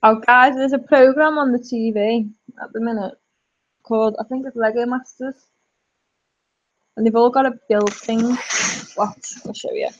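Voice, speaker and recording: A woman chatting casually on a live stream, thinking out loud and addressing her viewers directly. Her voice sits a little high and comes through muffled, lo-fi webcam audio. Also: fairly even intonation, moderate pace, long pauses. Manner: chatty, thinks aloud, talks straight to viewers. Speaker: live chat host.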